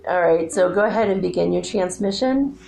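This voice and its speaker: A woman's voice: lowish voice, brisk, creaky, a little mellow, a little hiss or hum. A middle-aged woman hosting a spiritual talk show, chatty and rambling, laughing often. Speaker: spiritual channeler and show host.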